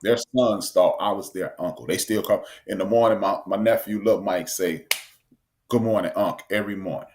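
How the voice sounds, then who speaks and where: A man, co-hosting a casual talk show and telling an animated story. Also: fairly low pitch, normal speed, slight background noise. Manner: storytelling, animated, acts out quotes. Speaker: podcast co-host. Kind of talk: casual chat.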